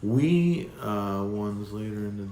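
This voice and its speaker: A man's voice: on the low side, animated, slow pace, mellow. A man hosting a livestream, chatting casually and rambling with loose restarts. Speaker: livestream host. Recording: echoey room with faint background noise.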